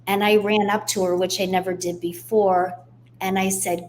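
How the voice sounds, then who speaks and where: A woman tells her own story as a guest on a radio interview, speaking candidly and steadily. Her pitch sits in the middle of the range. A faint hum runs under the recording. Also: little pitch movement, moderate pace. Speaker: guest author.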